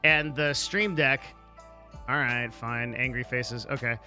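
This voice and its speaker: A man's voice: mid-range voice, fairly even intonation, slow pace, sharp tone, soft background music. A man chatting casually on a live stream, blunt and profane, rambling with lots of "like" and restarts. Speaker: livestreamer answering chat.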